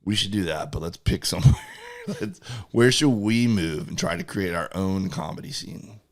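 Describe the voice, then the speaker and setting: A man's voice: low voice, normal speed. A man co-hosting a comedy podcast, telling stories animatedly with frequent fillers. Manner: animated storytelling with filler words. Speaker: podcast co-host. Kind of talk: casual comedy chat.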